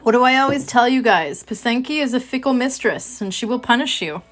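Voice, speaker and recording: A woman's voice: on the high side, animated, a little fast, fairly bright tone. A woman chatting casually with her livestream viewers while she works on a craft project, joking at her own expense. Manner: chatty, self-mocking, talks to chat viewers. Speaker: livestream host.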